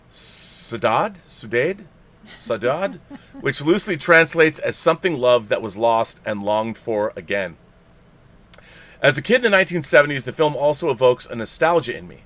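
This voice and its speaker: A male podcast host reads a listener's letter aloud in a playful, theatrical manner, laughing now and then. His voice sits at an ordinary middle pitch. It is the relaxed reading of a live-streamed show.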